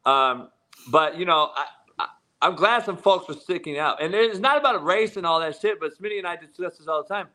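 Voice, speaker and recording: A man's voice: high-pitched, animated, fairly quick, pushed and bright. A man hosting a sports talk show, chatting loosely and throwing leading questions at his guests.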